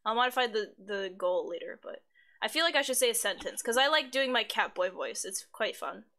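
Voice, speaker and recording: A woman's voice: mid-range voice, expressive, a little fast, pushed and bright. A woman live streamer in casual chat, reading her chat aloud, swearing freely and giggling often. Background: faint background music.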